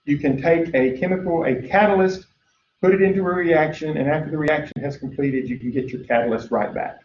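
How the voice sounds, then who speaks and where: A man with a somewhat high voice gives a chatty lecture, full of "uh" fillers and easy asides. The sound is roomy and echoey, with a dull lo-fi quality and a faint hiss behind it. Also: a little fast, a little mellow, distant mic. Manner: chatty, lots of "uh" fillers, acts out story voices. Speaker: teacher. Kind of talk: recorded biology lecture.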